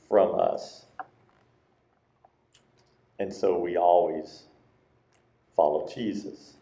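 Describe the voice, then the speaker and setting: A man with a low, mellow voice preaches a sermon, talking to the congregation in a conversational way. He jumps into a higher, livelier voice when he acts out quoted lines. His words carry the echo of a large church sanctuary. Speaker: pastor. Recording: roomy church sanctuary sound.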